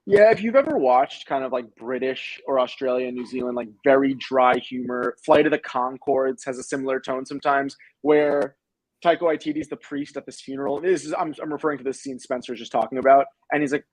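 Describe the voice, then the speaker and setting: A young adult man co-hosting a casual movie review chat, animated and swearing casually as he retells scenes. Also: mid-range voice, a little fast, no echo, poor audio. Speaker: film review podcast co-host.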